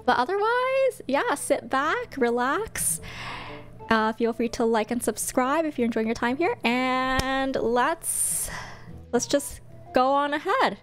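A young woman streamer chatting casually while reacting to a game, excitable and chatty. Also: high-pitched, slow, faint music behind.

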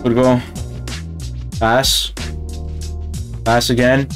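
A man commentating on his own football game matches, excitable and yelling at the screen. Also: fairly high pitch, normal speed, soft background music. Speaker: gaming channel host. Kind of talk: gaming commentary.

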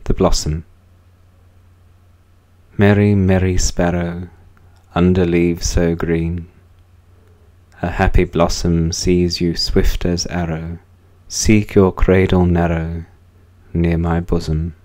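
Male poetry reader: very low, flat delivery, dark mellow tone, solemn. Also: slow pace, long pauses. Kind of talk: slow, measured poetry recitation.

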